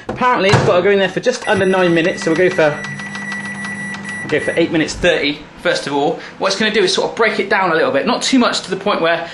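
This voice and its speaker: A quick-talking man with a fairly high voice runs through a home cooking video, cracking jokes and talking straight to the viewers. His voice rings around a bare, echoey kitchen with faint noise behind it. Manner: jokey, chatty, talks straight to viewers. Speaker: cooking vlogger.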